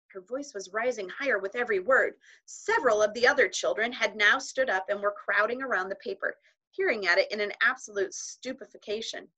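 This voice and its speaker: A woman narrates a children's novel aloud in a measured storytelling manner, with voices for its characters. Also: mid-range voice, bright, forceful tone, low-quality recording. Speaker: audiobook reader.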